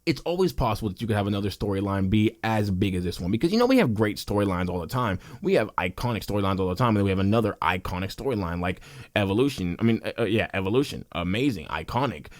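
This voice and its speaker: A young man with a fairly low voice rants about wrestling in a passionate, heated way. He presses his points over and over and trips over his words when he gets fired up. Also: lively intonation, quick pace. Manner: heated, emphatic, stumbles and restarts often. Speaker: wrestling commentator youtuber. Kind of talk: passionate opinion rant.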